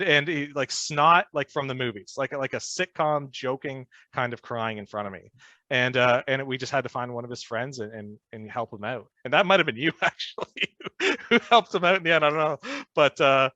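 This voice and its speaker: A man's voice: mid-range voice, pushed and bright, dry recording, highs cut off. A man telling stories as a podcast guest in a casual, rambling way, swearing and laughing often. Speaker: podcast guest, former band musician. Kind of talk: casual storytelling chat.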